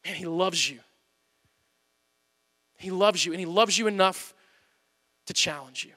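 A man in his thirties preaching a sermon, telling family stories with animated swings from loud to hushed. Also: sits high, unhurried, long reverb tail. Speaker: pastor.

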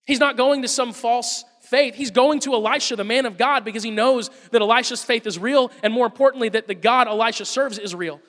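A man preaching a sermon, telling the story in an animated way and acting out the quotes. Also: very high voice, a little fast, hardly any pauses, in a large hall.

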